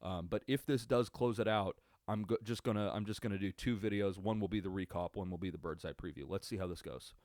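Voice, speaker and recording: A man's voice: deep voice, a little fast, hardly any pauses, a little mellow, dry recording, studio quality. A young man hosting a casual solo sports podcast, rambling and swearing with lots of fillers and restarts. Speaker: podcast host. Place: home setup at a computer. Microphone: computer webcam recording.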